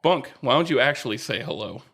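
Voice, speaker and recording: A man's voice: medium pitch, animated, fairly quick, gravelly, fairly bright tone. A man hosting a casual podcast, upbeat and teasing as he steers the chat. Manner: upbeat, teasing, keeps the show moving. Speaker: podcast host.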